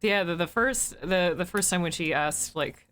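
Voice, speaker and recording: A woman's voice: fairly low pitch, moderate pace, fairly bright tone. A woman streaming a game live, talking through her thoughts in a rambling, reflective way, full of fillers and restarts. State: emotional and weepy. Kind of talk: live-stream gameplay commentary.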